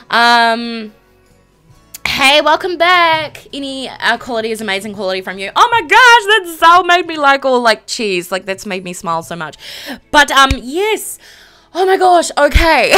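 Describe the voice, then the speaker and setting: A woman live-streaming a game, chatting casually to viewers in a flustered, excitable way and exclaiming often. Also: mid-range voice, clean tone. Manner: flustered, excitable, lots of "oh my gosh" and laughing.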